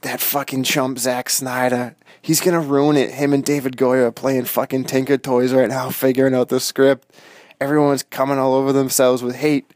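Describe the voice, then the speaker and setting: A man's voice: medium pitch, little pitch movement, moderate pace, darkish tone, dry recording, close to an everyday voice. Guy playing a paranoid bigfoot hunter who hisses whispers then rants crude, close dry mic. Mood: ranting. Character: unhinged man hiding out hunting Bigfoot in the woods. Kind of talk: comedy sketch call-in bit.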